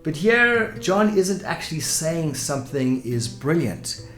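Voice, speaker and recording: A man teaching English vocabulary in a clear, explanatory way, giving example sentences. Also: fairly high pitch, very animated, slow pace. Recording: echoey room with soft music.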